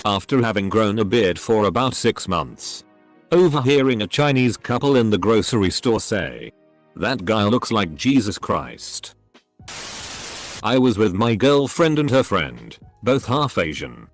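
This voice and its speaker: A man's voice: fairly low pitch, sing-song, normal speed, no room sound, soft background music. A man narrating forum stories in a scripted reading, sometimes reading symbols aloud word for word.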